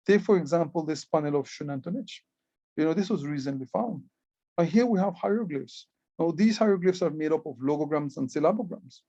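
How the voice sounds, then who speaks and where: A man's voice: on the high side, lively intonation, brisk, mellow, dry recording, muffled recording. Earnest Belizean man explaining glyphs. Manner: earnest, repeats words while explaining. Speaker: Maya writing club educator and guide. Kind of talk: presentation explaining hieroglyphs.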